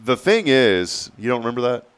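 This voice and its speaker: A man's voice: mid-range voice, normal speed. A middle-aged man hosting a casual morning show, chatting and telling stories with acted-out quotes. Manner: animated storyteller, acts out quotes. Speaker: radio show host.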